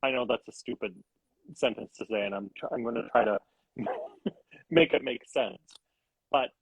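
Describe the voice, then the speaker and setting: A man's voice: medium pitch, moderate pace, slightly rough, dry recording, poor audio. A man on a podcast sharing a film opinion in a thoughtful, hesitant way, correcting himself as he goes. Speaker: podcast guest co-host. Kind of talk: casual film discussion chat.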